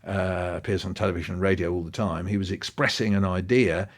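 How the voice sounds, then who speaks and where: This male podcast guest talks at a fairly quick clip, spinning animated anecdotes as his voice swings up and down in pitch.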